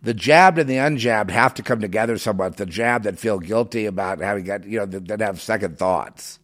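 A man talking as a show host in a rambling monologue, emotional and full of fillers, swinging between loud outbursts and low mutters. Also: brisk. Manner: many fillers and restarts.

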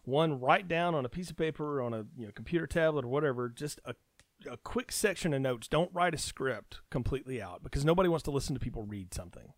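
A man's voice: medium pitch, animated, quick pace, no room sound. A man talking as a podcast guest, chatty and easygoing, rambling through stories in casual conversation.

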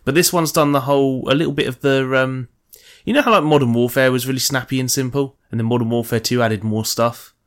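A man's voice: medium pitch, steady tone, fast. A man co-hosting a podcast, chatting casually about games with goofy, sweary jokes. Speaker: podcast co-host.

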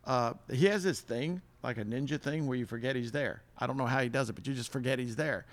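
A man in casual podcast chat, wry and quick to joke. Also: medium pitch.

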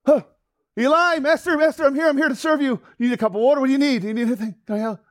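An eager young servant boy, as a preacher puts him on, his voice jumping high and loud. He is quick to answer and anxious to help. The sound is dry and close. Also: expressive, clean tone, dry recording.

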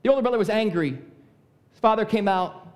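High-voiced, emphatic male preacher. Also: fairly quick. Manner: emphatic and repetitive, drops low for key points. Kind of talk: sermon.

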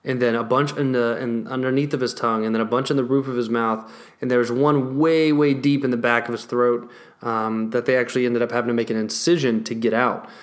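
A young man telling a story in a casual vlog, animated, swearing heavily and laughing between lines. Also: medium pitch, a little fast. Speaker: vlogger.

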